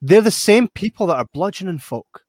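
A man with a Scottish accent, co-hosting a casual chat about a film. He talks in an animated, emphatic way. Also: high voice, moderate pace, no room sound, clean studio sound. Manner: animated, emphatic, acts out quoted voices. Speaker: podcast co-host.

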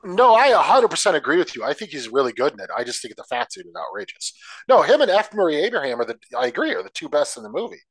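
Blunt, lively-voiced male podcast co-host. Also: a little high, quick pace, husky, no room sound. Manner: blunt and profane, with sarcastic asides. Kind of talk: casual film review chat.

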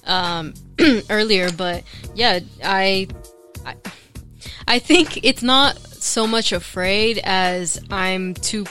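A woman co-hosts a casual podcast, friendly and reflective as she talks about herself. Her voice is bright and forceful, sitting mid-pitch. Faint music plays behind her. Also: very slow. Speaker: podcast co-host.

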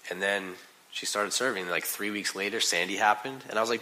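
A man preaching a sermon in a casual, conversational way, full of "like" and "you know", swinging from quiet asides to loud, emphatic bursts. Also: lowish voice, a little fast, slight background noise, poor audio. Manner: animated, conversational preaching with big swings in loudness. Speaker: pastor.

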